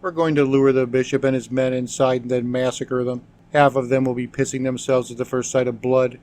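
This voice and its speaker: A man's voice: medium pitch, level tone, brisk, a little mellow, close to an everyday voice. A man voicing a cruel, commanding aging male Viking pirate chief in an audiobook. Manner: harsh, commanding.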